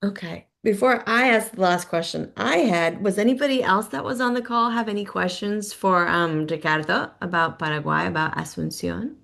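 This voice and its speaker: Gravelly-voiced woman hosting a call. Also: mid-range voice, a bit bright. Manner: friendly, quick, polite moderator. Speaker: host. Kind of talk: casual video call chat.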